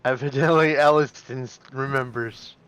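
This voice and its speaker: A man co-commentating a sim race, rambling with restarts and deadpan jokes. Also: medium pitch, moderate pace, clear, resonant tone, no echo.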